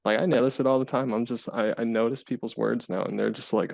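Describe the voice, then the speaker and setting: Gravelly, easygoing man podcaster. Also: mid-range voice, brisk, darkish tone, no room sound. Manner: easygoing, upbeat, acts out quotes. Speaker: podcast co-host. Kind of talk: casual podcast chat.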